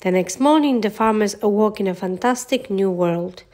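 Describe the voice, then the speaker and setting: A woman narrates a children's fairy tale in a gentle, steady storybook voice. Her pitch sits in the middle range for a woman. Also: moderate pace. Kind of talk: children's storybook read-aloud.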